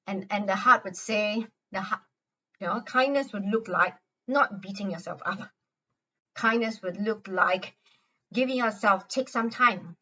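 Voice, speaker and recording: A woman explaining a calming exercise in an earnest manner, often repeating words and restarting her sentences. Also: mid-range voice, unhurried, recorded from a distance, lo-fi sound. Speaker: health educator. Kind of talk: instructional talk guiding a self-help exercise.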